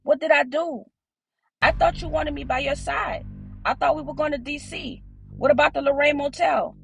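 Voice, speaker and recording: Woman doing a bright, higher young cousin. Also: moderate pace, creaky, soft background music. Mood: pleading. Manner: bright and chatty, pleading when scared.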